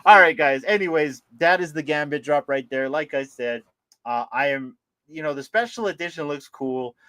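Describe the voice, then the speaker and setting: A man co-hosting a casual livestream about collectibles, animated and laughing often as he greets viewers by name. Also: on the high side, normal speed, dry recording. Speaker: livestream co-host.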